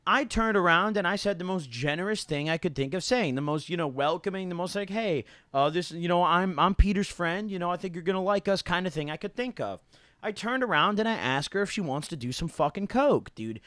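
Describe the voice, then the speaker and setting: A man's voice: sits high, lively intonation, brisk, fairly bright tone, no echo. A young man telling a rambling, slang-heavy story to his viewers, full of "like" and "dude" and casual swearing. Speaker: YouTuber.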